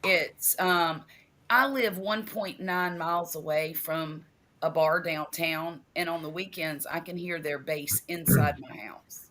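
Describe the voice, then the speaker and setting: A woman with a fairly low voice chats casually on a talk show, trailing off with ums as she thinks. Her tone is everyday and conversational. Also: slow pace, fairly bright tone. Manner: chatty, trails off with fillers. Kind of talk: casual chat.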